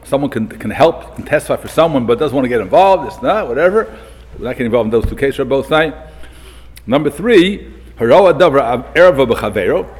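Animated husky rabbi in a reverberant hall. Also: male voice, mid-range voice, fairly quick. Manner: animated, acts out quotes, sprinkles Hebrew and Yiddish terms. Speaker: yeshiva rabbi giving a talk. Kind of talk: Torah lecture to students.

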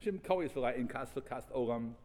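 A man teaching a Talmud class, reading passages and restating them in animated, repeated phrases. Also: medium pitch, moderate pace, big-room sound. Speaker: Torah teacher.

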